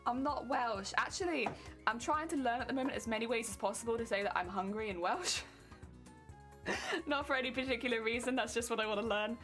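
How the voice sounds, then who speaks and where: A woman's voice: fairly high pitch, lively intonation, a little fast, a bit bright, faint music behind. Giggly English woman streamer. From England. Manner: chatty, giggly, rambling with many fillers. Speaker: cosplay streamer. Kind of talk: casual live-stream chat while crafting.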